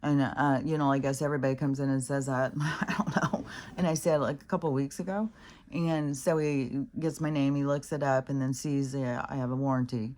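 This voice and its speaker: A woman's voice: extremely low pitch, steady tone, a little fast, a little mellow. A woman telling a rambling, exasperated story in a casual vlog, swearing freely and using many fillers. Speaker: vlogger.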